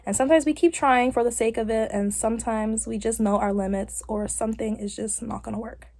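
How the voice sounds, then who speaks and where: A woman's voice: fairly high pitch, steady tone, brisk, darkish tone. A young woman vlogging casually while getting her hair done, talking in a rambling way with lots of fillers. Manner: rambling, chatty, with frequent fillers. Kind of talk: casual chat.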